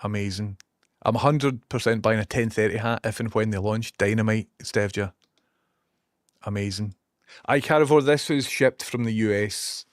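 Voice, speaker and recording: Chatty low-voiced Scottish man. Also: moderate pace, no room sound, studio quality. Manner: rambling and chatty, reads out viewer messages, swears casually. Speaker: streamer. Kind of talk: casual live-stream chat. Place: small room in a basement, curtains shut.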